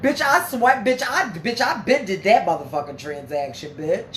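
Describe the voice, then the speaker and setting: A woman's voice: mid-range voice, expressive, moderate pace, fairly bright tone. A woman hosting a casual livestream, reading viewer comments and talking bluntly and profanely with heated emphasis. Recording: echoey room with faint background noise.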